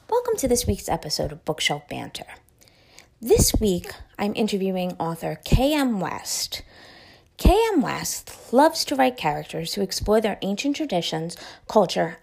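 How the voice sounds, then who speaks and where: A middle-aged woman hosts a podcast in a relaxed, chatty way. Her voice is slightly husky and stuffy, as if she were coming down with a cold, and it swings lively up and down in pitch. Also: measured pace. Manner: chatty, laughs easily, self-deprecating. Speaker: podcast host. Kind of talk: casual interview chat.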